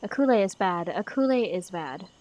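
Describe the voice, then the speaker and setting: A woman's voice: mid-range voice, animated, moderate pace, a little mellow, lightly acted. A woman voicing a mad old male shaman who mutters, stammers and speaks of himself in the third person. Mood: muttering.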